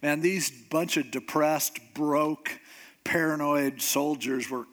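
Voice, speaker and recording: A male preacher walks through a scripture story in relaxed, everyday language. His delivery is animated and chatty, and his voice sits a touch above the usual male range. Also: a little high, slow pace. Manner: conversational, animated storytelling with slang. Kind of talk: casual sermon retelling scripture.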